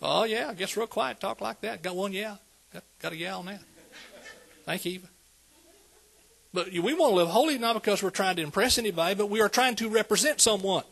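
A man's voice: high-pitched, brisk, gravelly, fairly bright tone, slightly rough. A man preaching a sermon, conversational and calling out to the congregation. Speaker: pastor.

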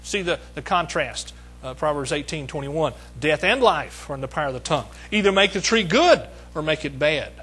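A man preaching a sermon with a rather high, husky voice. He is emphatic, hammers his points home with repeated phrases, and keeps calling out to the congregation to check they are with him. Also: lively intonation, brisk, a bit bright, low-quality recording.

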